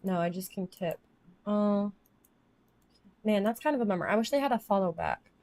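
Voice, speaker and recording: Woman, thirties, livestreamer, chatty, rambling, emotional, mid pitch, dry sound. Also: animated, normal speed, a little mellow, no room sound. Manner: chatty, rambling and emotional, reading chat aloud. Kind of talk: candid livestream chat. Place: home office.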